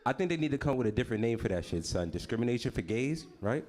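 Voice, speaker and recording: A man's voice: mid-range voice, animated, fast, a little mellow. A man doing a stand-up set on a comedy stage, brash and profane, teasing the crowd as he goes. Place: comedy stage before a live audience.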